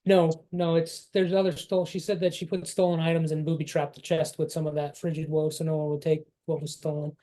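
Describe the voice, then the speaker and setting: A man with a slightly higher voice runs a tabletop fantasy game. He describes the scene and the players' surroundings with frequent stops and restarts. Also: flat delivery, a little fast, few pauses, mellow. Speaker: game master.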